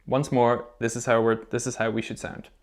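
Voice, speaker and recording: A man's voice: mid-range voice, little pitch movement, moderate pace, heavy background noise. Encouraging man teaching recorder to children. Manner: encouraging, checks in with frequent "okay?"; patient, step-by-step instruction. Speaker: music teacher. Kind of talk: recorder lesson video for children.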